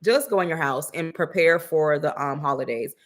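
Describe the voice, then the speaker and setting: A woman with a deep voice co-hosts a podcast at normal speed. Her casual commentary is blunt, sassy and slangy, with swearing thrown in.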